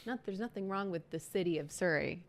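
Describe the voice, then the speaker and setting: A woman's voice: lowish voice, a little fast, slight background noise. A young adult woman from Canada, a podcast guest, chatting casually and acting out the people in her stories. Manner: animated storyteller acting out quotes. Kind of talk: casual chat.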